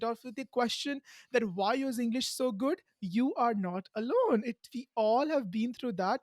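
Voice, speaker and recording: A woman's voice: on the high side, a little mellow, no echo, clean studio sound. A young woman podcast host with an Indian accent, answering a guest's question in an earnest, encouraging way and repeating key lines for emphasis. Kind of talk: conversational interview answer.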